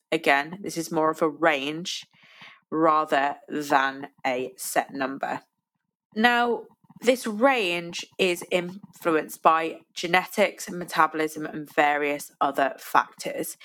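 Woman, young adult, low voice, nasal with a cold, casual podcast chat, coach. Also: slow pace, fairly bright tone. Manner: chatty, self-deprecating, with fillers and restarts. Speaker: eating disorder recovery coach and podcast host.

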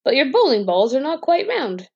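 A woman's voice: high voice, big pitch swings, moderate pace, vocal fry, muffled recording, voice pushed up, full character voice. A woman voicing a fearless cheeky boy. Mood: carefree. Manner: bold, bright and unbothered.

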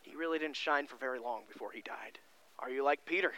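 Folksy, emphatic male pastor preaching. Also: fairly quick. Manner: emphatic, folksy, swings between loud stresses and quiet low passages. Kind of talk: sermon.

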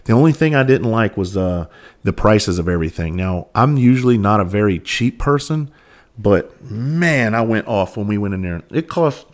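A man's voice: lowish voice, animated, moderate pace. A man hosting a podcast, telling stories in a candid, earnest way and swearing freely. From Southern United States. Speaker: podcast host. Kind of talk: casual storytelling monologue.

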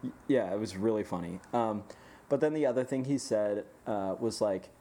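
A man co-hosting a podcast, telling an animated story in casual chat, laughing often and swearing freely. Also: on the low side, normal speed. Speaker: podcast co-host.

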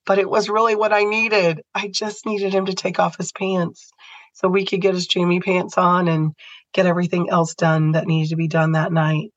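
A woman's voice: fairly low pitch, level tone, normal speed, no echo, low-quality recording. A woman podcast host telling a personal story in an earnest, heartfelt way.

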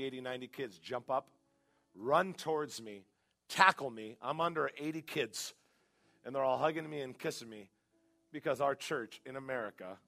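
A middle-aged man, a guest pastor, preaching a sermon in a church with animated, humorous storytelling. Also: mid-range voice, gravelly. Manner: animated storytelling with humor, rising to loud emphasis. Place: church sanctuary.

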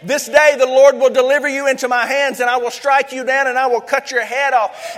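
A man's voice: extremely high pitch, fairly even intonation, brisk, hardly any pauses, fairly bright tone. A man with a South Louisiana accent preaching a sermon as pastor, fervent and leading call-and-response. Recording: echoey hall, long reverb.

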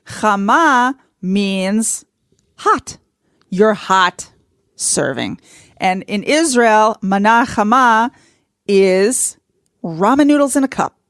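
A woman's voice: medium pitch, no room sound, studio quality. A woman co-hosting a casual talk show, teasing and explaining words to listeners. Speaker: podcast co-host. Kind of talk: casual chat.

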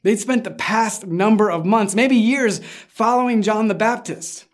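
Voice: mid-range voice, measured pace. Conversational pastor giving a sermon. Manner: informal storytelling, acts out quoted lines.

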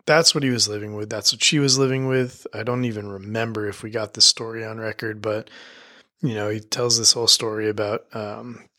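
A man's voice: on the low side, fairly even intonation, brisk, sharp tone. A middle-aged man giving a rambling, heartfelt intro monologue as a podcast host, swearing freely and full of fillers and restarts. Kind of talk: emotional spoken intro monologue.

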